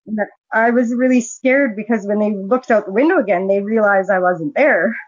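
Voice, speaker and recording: A woman's voice: mid-range voice, moderate pace, husky, no room sound. Woman telling her story straight, swears a lot, dry muffled recording. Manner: frank, blunt, swears freely. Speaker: guest. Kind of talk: personal storytelling. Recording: dull, dry lo-fi sound.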